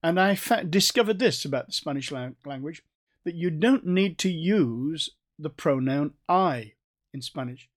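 A man with a North Staffordshire accent, reading scripture and preaching in a measured, emphatic teaching manner. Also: on the high side, expressive. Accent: North Staffordshire English. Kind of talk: Bible reading and sermon.

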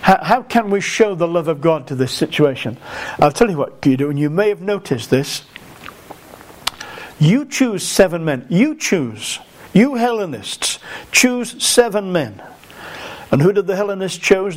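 A man delivering a sermon with a slightly raised pitch. He talks earnestly, repeats words as he goes, and slows right down to lean on key phrases. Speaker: preacher.

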